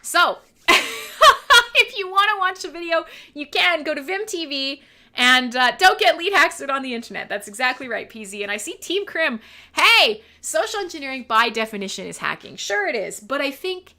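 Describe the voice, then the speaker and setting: A woman hosting a live online radio show, chatting casually and telling animated stories while reading viewer comments. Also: high voice, normal speed. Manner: rambling, animated storytelling, reads chat aloud. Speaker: livestream radio host. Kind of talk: casual livestream chat.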